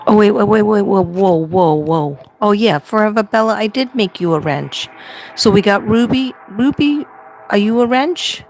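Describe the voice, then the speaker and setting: A woman's voice: medium pitch, normal speed, darkish tone, slight background noise. A woman hosting a casual livestream from home, chatty and rambling, laughing often. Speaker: livestream host.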